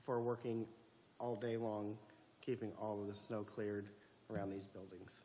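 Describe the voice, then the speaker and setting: A man's voice: on the low side, flat delivery, measured pace, mellow, long reverb tail, a little hiss or hum. A man serving as county commissioner, talking conversationally at a public meeting and often repeating words as he starts. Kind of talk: casual talk at a public meeting.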